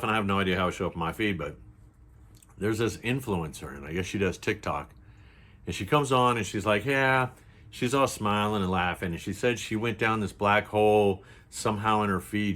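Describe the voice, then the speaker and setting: A man's voice: fairly low pitch, a bit bright. An older man talking casually to his viewers, blunt and chatty, often checking that they follow along. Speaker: preparedness vlogger. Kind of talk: casual to-camera talk.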